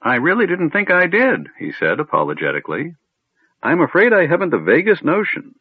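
A man's voice: fairly high pitch, wildly swooping pitch, fairly quick, slightly rough, dry recording, pitched above the performer's own voice, full character voice. A man voicing a vague, fussy old male wizard who rambles absent-mindedly and gets huffy. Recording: tinny phone-like line, dry.

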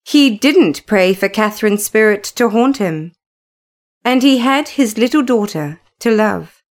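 A woman reading a classic novel aloud as narrator, in an unhurried, measured storytelling manner. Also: medium pitch, lively intonation.

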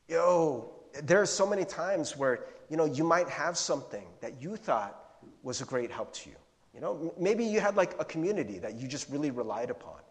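A man in his forties preaching a sermon as a youth pastor, in a casual, animated way with slang and stammered restarts. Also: fairly high pitch, normal speed. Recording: long hall reverb.

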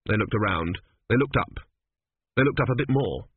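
A man reading a comic novel aloud in a wry, measured way, his pitch moving in a lively way. His voice is slightly husky. The recording is dry and narrow, like a phone line. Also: dry recording. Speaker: audiobook narrator. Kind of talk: scripted comic narration.

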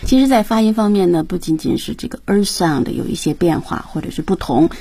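A woman's voice: lowish voice, expressive, fairly quick, creaky, dark tone, breathy edge. A woman co-hosting a radio English lesson, summarizing points and guiding the talk. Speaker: radio co-host.

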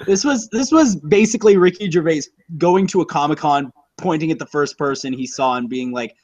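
A man's voice: on the high side, a little fast, few pauses, a little mellow, no room sound. Rambling, profane guy in casual chat. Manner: rambling and profane, with lots of fillers and self-corrections. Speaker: podcast co-host reviewing a movie.

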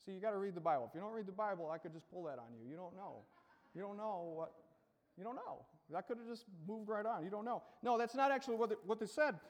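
High-voiced joking pastor in a hall. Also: male voice, lively intonation, quick pace. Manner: casual, joking storyteller who acts out the scene. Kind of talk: sermon. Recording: long hall reverb.

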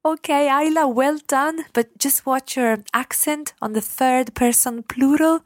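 A woman co-teaching a language lesson, choosing verbs and gently correcting the learner. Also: sits high, no room sound, studio quality. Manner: unhurried, laughs easily, corrects gently. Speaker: co-host tutor.

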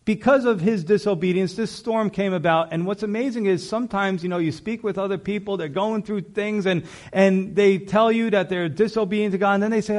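Male pastor, high-pitched, conversational sermon delivery with acted-out dialogue. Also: fairly quick, few pauses.

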